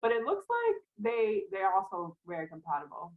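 A woman co-hosting a podcast, relaxed and easily amused, with a pitch that swings up and down a lot. She comes through a tinny, phone-like line. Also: a little fast. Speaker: podcast co-host. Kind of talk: casual chat.

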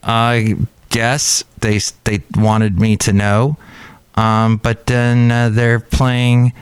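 A man hosting a casual solo podcast, rambling and chatty with excitable jumps in his voice. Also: medium pitch, extremely slow, clear, resonant tone, no room sound. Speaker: podcast host. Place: cafe.

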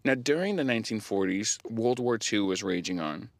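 A young man hosting a podcast, telling a story in casual chat, animated, often laughing and using lots of fillers. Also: fairly low pitch, moderate pace, creaky, no echo. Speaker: podcast host.

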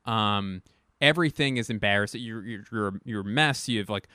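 A young man delivering a rambling, profane, self-deprecating comic monologue, stumbling over restarts and jumping into sudden loud bursts. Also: on the low side, a little fast, no echo, clean studio sound. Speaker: comedian. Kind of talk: stand-up style comic monologue.

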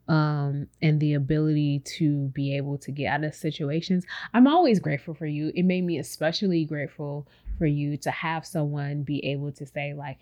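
A woman with a slightly low voice talking openly on a podcast. She rambles in a relaxed, reflective way, full of fillers, and speaks right to her listeners as if they were friends. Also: normal speed, lo-fi sound. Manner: speaks directly to listeners as "y'all". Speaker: podcast co-host. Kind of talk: casual chat.

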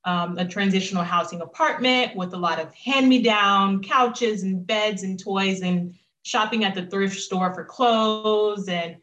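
A woman shares her personal story as an interview guest, earnest and reflective. She turns lively when she quotes herself. Her voice rings a little in a roomy, echoing space. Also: medium pitch, unhurried, hardly any pauses, lo-fi sound.

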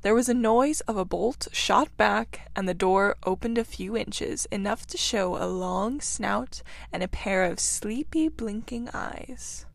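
A woman's voice: mid-range voice, measured pace, gravelly, few pauses, dry recording. Young woman reading a classic aloud. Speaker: podcast host and reader. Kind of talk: audiobook reading.

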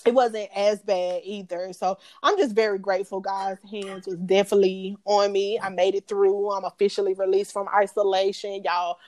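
A young adult woman co-hosting a casual podcast chat, talking to listeners as "y'all" and often breaking into loud, high laughter. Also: little pitch movement, moderate pace, few pauses. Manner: casual Southern-style slang, addresses listeners as y'all. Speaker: podcast co-host.

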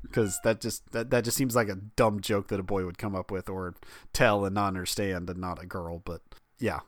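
This low-voiced man is a dad and podcast co-host, animatedly recounting family tales amid plenty of laughter in a relaxed, funny conversation. The audio is dry and of studio quality.

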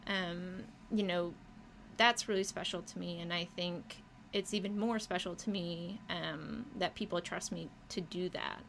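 A muralist guest in a casual interview talks about her work with bubbly enthusiasm, her fairly low voice creaky and gravelly yet a bit bright. She speaks a little slowly with fairly even intonation, laughs often, and leans on fillers like "um" and "you know." Faint noise lies under the recording.

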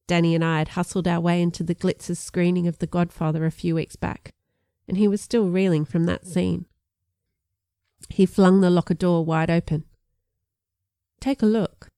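A woman reading a first-person story aloud, expressive and lively in her narration. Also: clean tone, no room sound, studio quality. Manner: expressive, lifts pitch for dialogue. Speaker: audiobook narrator.

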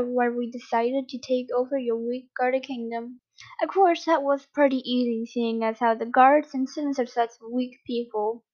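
A woman reading aloud, voicing a smug, sly male villain henchman who taunts his captives in a slow, mocking way. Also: on the high side, muffled recording, lightly acted.

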